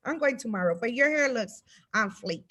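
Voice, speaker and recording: A woman's voice: fairly high pitch, animated, normal speed, sharp tone. A woman co-hosting a casual chat show, bubbly and friendly, dropping Spanish phrases into her English over a call. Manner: bubbly, drops Spanish phrases, laughs often. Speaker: co-host.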